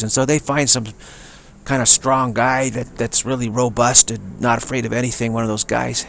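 With a somewhat bright, gravelly and husky mid-range voice, this American man airs his personal opinions fairly quickly and with fairly even intonation. His rambling talk is emphatic, repetitive and full of restarts, with slight background noise.

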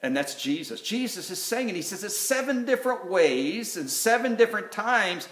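Earnest pastor in an echoey church. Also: male voice, high voice, big pitch swings, a bit bright. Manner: earnest, halting with many fillers and restarts. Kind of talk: sermon. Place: church sanctuary.

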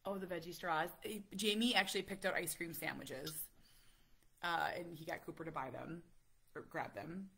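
Chatty husky-voiced woman. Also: on the low side, normal speed. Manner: chatty, lots of "like", animated storytelling. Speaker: vlogger talking to live viewers. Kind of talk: casual live chat.

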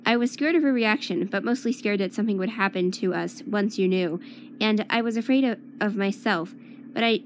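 A woman reading the farewell letter of a troubled young man, quiet and confessional. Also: mid-range voice, slight background noise, close to an everyday voice.

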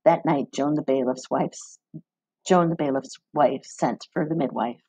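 A woman reading a novel aloud in a measured storybook manner, doing voices for the characters. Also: deep voice, dark tone, husky, no echo, poor audio. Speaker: reader.

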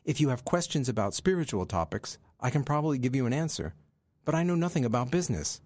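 A man's voice: medium pitch, very animated, fast talker, darkish tone, no room sound, clean studio sound, voice pushed up. A man doing a thin, feeble old sage. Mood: matter-of-fact. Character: frail elderly male spiritual sage.

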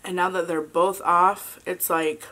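A woman in her thirties chatting casually as a vlogger and mother, halting and soft with many fillers, fighting back tears. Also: fairly low pitch, fairly even intonation. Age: 30s. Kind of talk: casual confessional chat.

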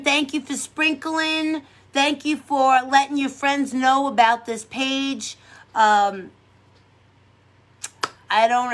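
A woman's voice: fairly high pitch, fairly bright tone. A woman from hosting a casual makeup livestream, chatting with viewers in a rambling, upbeat, encouraging way. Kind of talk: casual livestream chat reading comments.

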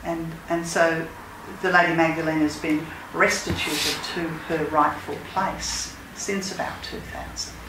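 A woman's voice: deep voice, flat delivery, measured pace, few pauses. Woman spiritual teacher, earnest and emphatic, recorded at a distance in an echoey room. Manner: earnest, emphatic, leads chants. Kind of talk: casual talk and call-and-response mantra chanting. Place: lodge meeting room. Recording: echoey room, speaker far from mic, noisy.

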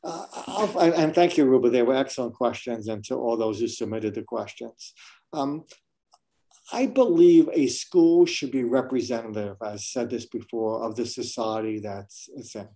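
Warm-voiced, reflective medical school dean. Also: male voice, mid-range voice, normal speed. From New York City. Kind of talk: webinar interview answers.

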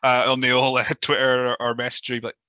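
A Scottish man hosting a casual podcast interview, jokey and quick to laugh, acting out what people say. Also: medium pitch, monotone, pushed and bright, clear, resonant tone, dry recording, highs cut off. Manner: chatty and jokey, laughs often, mimics people. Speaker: podcast host.

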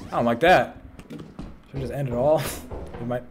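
A man swearing loudly and bantering as he plays a game with friends, yelping when startled. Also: medium pitch, moderate pace, faint music behind. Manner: loud, swearing, jumps into yelps when startled. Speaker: gamer streaming with friends. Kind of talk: casual gaming banter.

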